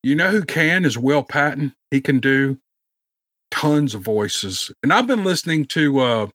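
A man with a Memphis Southern accent talks in a rambling, easygoing way as a podcast guest. His voice sits at a middle pitch. It is recorded dry on his own home microphone. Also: expressive, unhurried, a bit bright, breathy edge, dry recording. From Memphis, Tennessee. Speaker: guest, audiobook narrator. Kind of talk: casual podcast chat.

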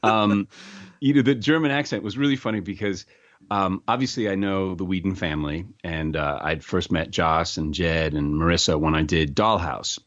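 Animated man on a dull remote line. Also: low-pitched, no echo. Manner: animated, stammering restarts, quick laughs. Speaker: actor guest. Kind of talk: casual interview chat.

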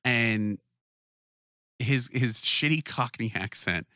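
A man talking loosely and profanely at a middling pitch, now and then breaking into exaggerated voices to replay what he saw. The sound is dry and close, with no room around it. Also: slow, sharp tone, no echo. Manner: loose, profane, acts out scenes in mocking voices. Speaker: podcast co-host. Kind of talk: casual chat.

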